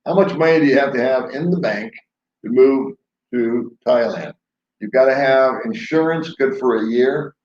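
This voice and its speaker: On a casual late-night stream from his Philippine home, a man rambles and cracks jokes between chuckles while telling stories. He has a medium-pitched, slightly mellow voice at an ordinary pace. The audio is dull, lo-fi, and echoey.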